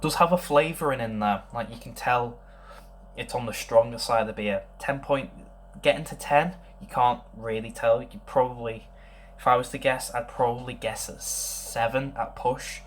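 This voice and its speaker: A young man giving a casual beer tasting review, thinking aloud and rambling with many pauses. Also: mid-range voice, slight background noise.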